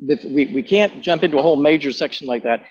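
A man's voice: on the high side, expressive, fast, darkish tone. A man, a pastor, moderating a Bible study discussion, speaking carefully with many stammers and restarts. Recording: dry, dull lo-fi audio.

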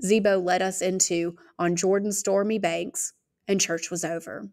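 Gravelly-voiced woman reading a novel aloud. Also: lowish voice, a little slow. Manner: steady narration. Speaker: reader.

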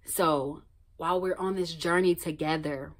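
A woman talking straight to camera in a casual motivational vlog. She is blunt and emphatic, swears freely, repeats phrases for weight, and swings between loud outbursts and hushed, near-whispered asides. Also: sits low, steady tone, a little slow. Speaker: motivational vlogger.

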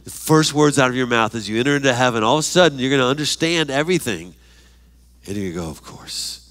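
An older man delivers a sermon from the pulpit, at a middle pitch. His preaching is lively and expressive, full of rhetorical questions and scripture read aloud. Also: racing. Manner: reads scripture verses aloud. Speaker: pastor.

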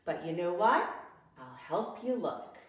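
A woman's voice: on the low side, very animated, a little slow. A woman doing a chattering friendly monkey. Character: chattering helpful male monkey. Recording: echoey room, distant mic.

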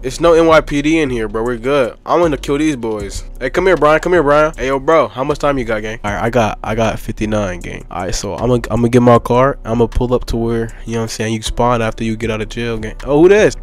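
A young man giving excitable, slang-heavy commentary over his own gameplay and trash-talking other players. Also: mid-range voice, fast talker, few pauses. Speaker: gaming streamer.

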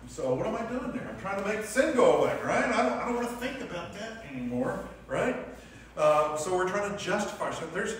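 A man's voice: sits high, animated, normal speed, fairly bright tone, slight background noise. A man leading a church class lesson in a conversational way, asking the class questions and acting out inner voices. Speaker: Sunday school teacher. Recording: echoey room from a distant mic.

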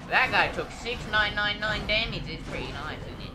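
A man's voice: high voice, lively intonation, normal speed. A man voicing a chatty, grumpy male gnome bard who rambles in character with a shifting put-on accent while playing a video game. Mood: rambling. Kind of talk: role-play commentary over a video game. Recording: clear background noise.

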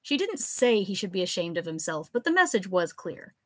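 A woman reading her own absurd comic story aloud in a live reading, telling it with expressive, animated delivery. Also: on the low side, a little fast, no echo. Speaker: author and reader.

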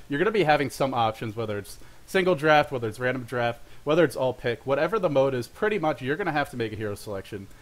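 Fast-talking young man hosting his show. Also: mid-range voice, fairly bright tone. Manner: rambling, self-deprecating, with frequent fillers and laughs. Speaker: show host. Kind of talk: casual monologue.

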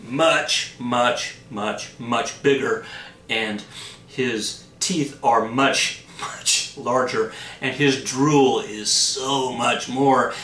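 A man telling a myth to his students in a casual, animated way, jumping into quick character voices. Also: medium pitch, echoey room, far from the mic, slight background noise. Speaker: teacher. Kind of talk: storytelling for students.

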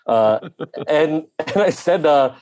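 A man, an actor guest on a podcast, telling stories in an animated way and acting out the people he quotes. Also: fairly high pitch, slow pace. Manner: animated, acts out quoted people in his anecdotes. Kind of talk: conversational storytelling.

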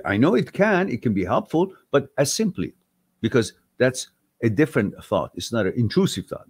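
Answering viewer questions on a live stream, a man speaks in a low voice with a breathy edge and no echo. His delivery is animated, blunt, and heated, packed with rhetorical questions and cursing once he gets worked up.

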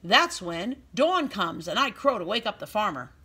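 A woman's voice: medium pitch, very animated, moderate pace, sharp tone, breathy edge, full character voice. A woman voicing a proud male farmyard rooster, speaking in an emphatic, reminding way. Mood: firm.

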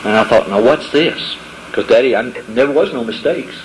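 A middle-aged man tells homespun testimony stories at a camp meeting, slipping into the voices of the people he quotes. His voice sits at an ordinary pitch and carries the echo of a large hall. A faint murmur of ambience hangs behind him. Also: lively intonation, normal speed, a little hiss or hum. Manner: storytelling, acts out quoted voices, folksy grammar. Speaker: preacher giving a testimony. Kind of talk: folksy testimony to young people.

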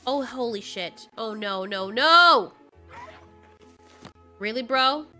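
A woman commentating live as she plays a video game, reacting loudly and swearing at the game in exasperation. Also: on the high side, expressive, slow pace, pauses often, faint music behind. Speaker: gaming channel host.

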